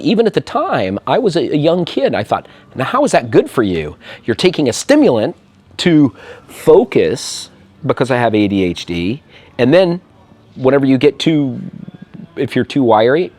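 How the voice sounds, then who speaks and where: An American man from Illinois talks in a casual interview. He speaks fast and animatedly, acting out the people in his stories. His voice sits at an ordinary middle pitch for a man. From Illinois, USA. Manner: animated, talks fast, storytelling with quoted dialogue. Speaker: interview guest, expat.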